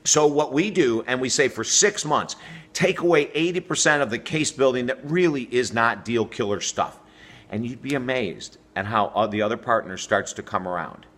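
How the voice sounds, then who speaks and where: Middle-aged male host, bright forceful voice, energetic coaching delivery straight to camera. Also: medium pitch, moderate pace. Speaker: relationship coach and show host. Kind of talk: direct-to-camera advice video.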